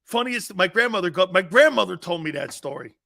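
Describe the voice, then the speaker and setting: A man hosting a sports talk show, telling stories in a casual, animated way, reading viewer comments and laughing hard at his own tales. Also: high voice, brisk, gravelly.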